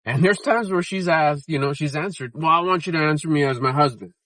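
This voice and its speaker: A man's voice: a little high, fairly quick, a bit bright, no echo, poor audio. A man in his fifties vlogging casually while out running errands, talking in a rambling, reflective way with frequent restarts. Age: 50s. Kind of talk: casual vlog chat.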